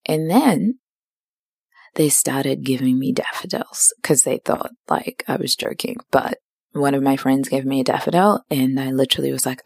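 A woman's voice: very deep voice, normal speed, vocal fry, darkish tone, husky, no echo, clean studio sound. A woman in her twenties hosting a podcast, telling stories in a chatty, self-dramatizing casual monologue. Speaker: podcast host.

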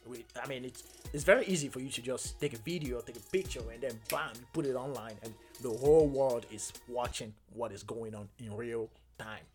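Young male podcast host, mid-pitched, speaks earnestly with frequent pauses and restarts over faint background music. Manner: earnest, halting, many fillers and restarts. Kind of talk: casual solo podcast monologue.

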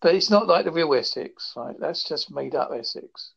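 A man's voice: fairly high pitch, expressive, normal speed, vocal fry, a bit bright, breathy edge, dull audio. A man from England chatting casually, joking around and slipping into silly voices. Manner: jokey, slips into silly voices and impressions. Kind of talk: casual chat.

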